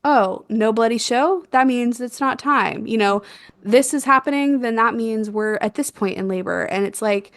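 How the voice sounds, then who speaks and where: A young woman telling a birth story in a casual chat, animated and quick to laugh, acting out what was said. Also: fairly high pitch, no echo. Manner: animated, laughs often, acts out quotes. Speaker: guest, doula.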